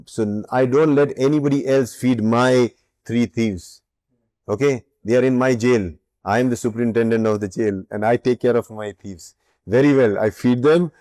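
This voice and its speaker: A man's voice: medium pitch, mellow, no room sound. A middle-aged man giving a reflective spiritual talk, emphatic and repeating his key points, who plays out both sides of conversations in his stories. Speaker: spiritual teacher. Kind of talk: reflective talk with acted-out anecdotes.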